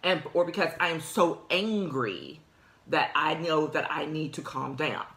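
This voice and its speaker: Woman, podcast host, lowish voice, conversational, emphatic, echoey room. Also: a little slow, a bit bright. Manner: conversational, emphatic, laughs often. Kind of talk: casual advice talk.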